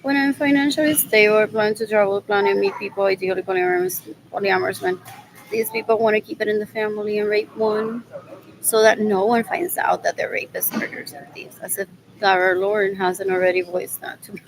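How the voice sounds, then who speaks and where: A woman's voice: mid-range voice, brisk, gravelly, noisy background. A woman vlogging in a loose, rambling monologue, muttering scornful remarks and repeating the same phrases over and over. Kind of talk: casual rambling monologue to viewers.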